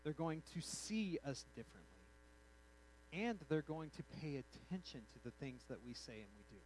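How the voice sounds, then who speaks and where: A man preaching a sermon in an animated, conversational way, acting out the quotes in his story. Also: on the high side, normal speed, a little hiss or hum, rough recording. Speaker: pastor.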